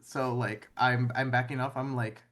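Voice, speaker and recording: A man's voice: mid-range voice, level tone, normal speed, fairly bright tone. A man playing a tabletop game who talks animatedly, often laughs and narrates his character's moves with drama. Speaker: player.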